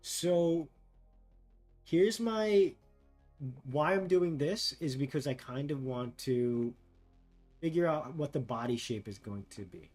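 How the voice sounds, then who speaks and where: Male art streamer, fairly high voice, casual think-aloud chat with faint music behind. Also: animated. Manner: musing, reads text aloud haltingly and thinks out loud. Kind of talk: casual livestream chat while drawing.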